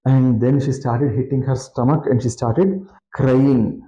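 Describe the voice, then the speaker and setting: A man who recites scripture verses and then explains them slowly in plain words. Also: mid-range voice, fairly even intonation, warm tone. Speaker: scripture reader and teacher. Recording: roomy, muffled lo-fi audio.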